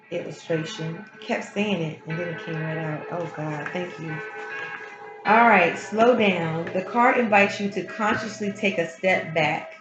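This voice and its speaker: A woman giving a casual spiritual tarot reading, speaking frankly and emphatically and often repeating her key phrases. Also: lowish voice. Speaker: tarot reader. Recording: roomy, slightly dull sound with music behind. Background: background music.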